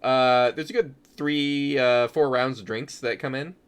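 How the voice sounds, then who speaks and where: A man narrating as game master of a tabletop game, relaxed and chuckling, with many fillers. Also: medium pitch, unhurried, clean tone.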